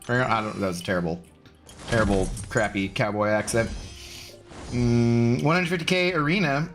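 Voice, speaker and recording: A man's voice: medium pitch, normal speed, a bit bright, faint music behind. A man casually chatting with viewers while live-streaming a mobile game, greeting them by name.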